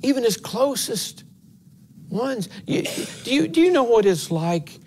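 A man's voice: very high-pitched, sing-song, unhurried, darkish tone, a little hiss or hum. A man, an assistant pastor giving a conversational sermon in a church, earnest and folksy, rising to emphatic passages. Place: church sanctuary.

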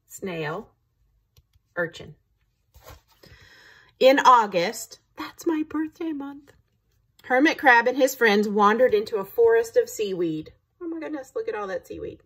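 Breathy woman reading a picture book. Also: medium pitch, lively intonation, measured pace, long pauses, fairly bright tone. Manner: engaging, asks the listeners questions. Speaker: teacher reading to children.

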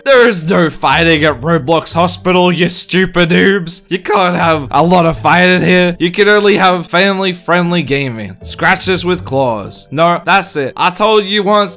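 A goofy man riffs through comedic gameplay commentary, hamming it up as a bumbling doctor. His voice sits a little high for a man. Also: a bit bright. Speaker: gaming video host.

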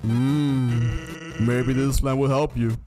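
A man voicing a laid-back, lazy male skeleton joker in a slow, low drawl, reading game dialogue on a livestream. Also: steady tone, lightly acted. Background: game music.

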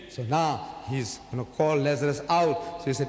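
A man giving a public lecture in an emphatic, rhetorical way, his voice swinging between loud and soft. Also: mid-range voice, a little fast, hardly any pauses. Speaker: religious lecturer. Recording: echoey hall from far off.

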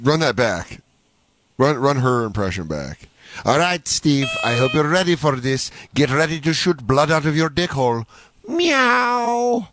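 A man's voice: mid-range voice, moderate pace, noisy background. A man co-hosting a live radio comedy show, riffing and swearing in casual banter. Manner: lively, riffing, crude jokes.

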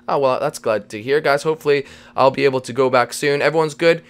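A man's voice: medium pitch, fast talker, hardly any pauses. A man hosting and playing a Minecraft role-play, hesitant and full of "uh"s. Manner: bumbling, hesitant, stammers with "uh". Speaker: host and Minecraft role-player.

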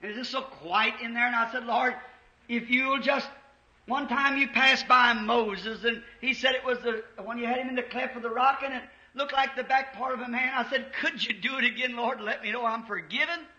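A man preaching an impassioned revival sermon in a church, rising to shouts at the peaks. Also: extremely high pitch, fairly even intonation, moderate pace. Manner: impassioned, shouting at peaks, old-time Southern US preaching cadence. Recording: echoey church, dull 1950s tape.

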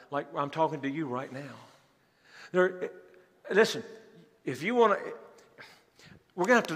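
A male pastor preaching in an animated, emphatic manner with a fairly high voice. His sermon rings through a large church, and the long reverb trails after each phrase. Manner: animated, emphatic, acts out scripture scenes. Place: church sanctuary.

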